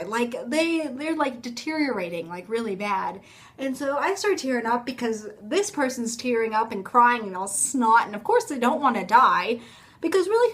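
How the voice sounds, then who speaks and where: A woman's voice: a little high, a bit bright. A young woman telling a rambling, chatty story to her phone camera at home, often stopping herself mid-sentence and laughing. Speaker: vlogger.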